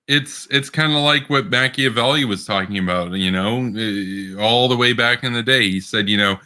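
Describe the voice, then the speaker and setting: A man's voice: medium pitch, moderate pace, pushed and bright. A man co-hosting a casual political podcast, rambling with many restarts and bursts of laughter. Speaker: podcast co-host.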